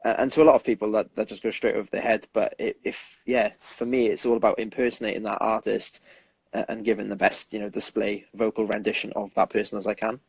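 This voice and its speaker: A man's voice: lowish voice, little pitch movement, fast talker, a little mellow, husky, no echo, dull audio. A young British man, a singer, chatting earnestly in an interview and rambling with frequent restarts. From United Kingdom. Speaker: singer guest. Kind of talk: casual interview chat.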